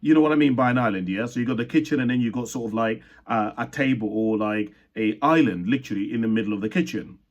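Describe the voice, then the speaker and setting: A young man born in Uganda recounts his own life story, earnest and reflective. His voice sits at an everyday middle pitch, and he often trips over a word, stops, and starts the sentence again. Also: fast, few pauses, highs cut off. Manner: earnest, reflective, with frequent restarts and self-corrections. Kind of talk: personal storytelling talk.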